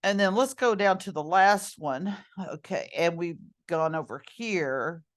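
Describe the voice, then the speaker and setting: A woman's voice: on the low side, expressive, a little slow. A woman teacher walking students through an online note-card tool, chatty and full of ums and self-corrections. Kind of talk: screen-recorded lesson walkthrough.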